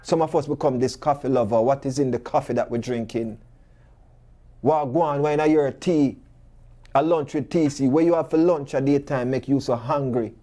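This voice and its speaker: In his talk show monologue, this Jamaican-accented man uses a mid-range voice at normal speed. Rhetorical questions and animated patois storytelling run throughout.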